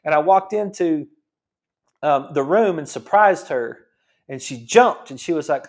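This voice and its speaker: A man's voice: on the high side, normal speed. A man hosting a health talk show as a chiropractor, explaining things emphatically and often restarting and repeating his phrases. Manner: repetitive, emphatic teaching with restarts.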